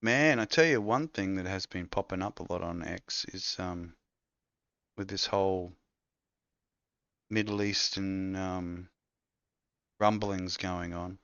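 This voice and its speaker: Co-host: man, very low voice, rambling and crude, dry lo-fi sound. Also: takes it slowly, pauses often, fairly bright tone, clean tone, no room sound. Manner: rambling, crude, laid-back. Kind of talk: casual chat.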